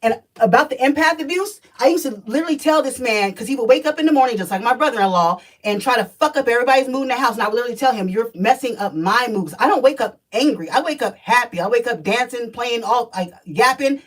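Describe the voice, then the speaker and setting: A woman in her thirties tells her story in a casual vlog, blunt, profane and emphatic. Her voice sits a little high and sounds somewhat distant from the mic. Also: animated, quick pace, few pauses. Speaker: spiritual energy reader.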